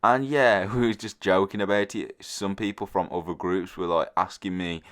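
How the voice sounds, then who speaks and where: A young-sounding man narrates a storytime video to his viewers in a relaxed, offhand way. His voice sits low, and he wanders through the tale with plenty of fillers and restarts. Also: moderate pace. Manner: rambling, loose storytelling full of "like" fillers. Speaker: storyteller vlogger.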